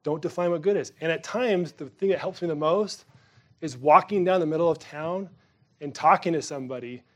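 A man delivering a sermon in a loose, conversational way, with a voice sitting a little high for a man. He presses hard on some words, then lets his voice fall soft and low. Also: normal speed. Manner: conversational preaching, swings between emphatic and quiet. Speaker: pastor.

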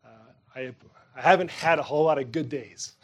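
Briskly, with the highs cut off, a pastor whose voice sits a bit high for a man gives a conversational sermon. He alternates between pressing forcefully on words and falling to a soft, low delivery.

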